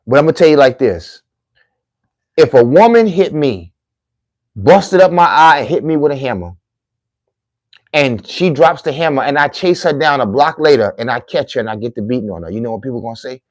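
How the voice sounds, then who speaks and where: Middle-aged man, mid pitch, earnest sermon-like talk to camera viewers, dead dry sound. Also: expressive, a little fast, no room sound. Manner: preachy, emphatic, repetitive phrasing. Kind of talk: heartfelt monologue to viewers.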